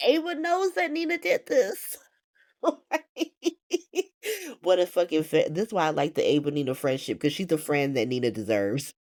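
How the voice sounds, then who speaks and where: A woman recapping a soap opera in a casual, profane, animated way, swearing often and laughing as she goes. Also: sits low, normal speed, pauses often.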